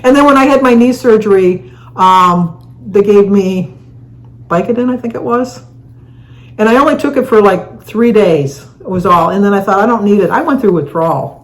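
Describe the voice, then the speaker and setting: Older woman co-host, chatty and rambling, laughs mid-story, mid-pitched voice. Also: moderate pace, rough recording. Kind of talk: casual chat answering viewer questions.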